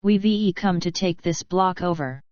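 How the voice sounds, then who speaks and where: A woman's voice: on the low side, unhurried, a little mellow, no echo, muffled recording, natural voice. A woman reading the plain, polite lines of a young male newcomer in a storybook. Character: young male newcomer taking over a farm.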